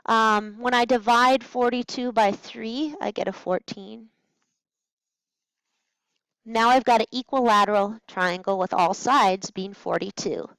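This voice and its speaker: A woman's voice: a little high, measured pace, a bit bright, no room sound, poor audio. A woman math teacher talking through practice problems at a smart board, chatty and playful with little asides to herself. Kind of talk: recorded test-prep walkthrough.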